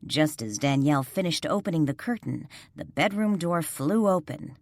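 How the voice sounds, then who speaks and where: A woman narrates a story in a low voice that moves animatedly up and down. Her reading is expressive and recorded dry and close. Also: normal speed, no room sound. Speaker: audiobook narrator. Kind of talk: scripted narration.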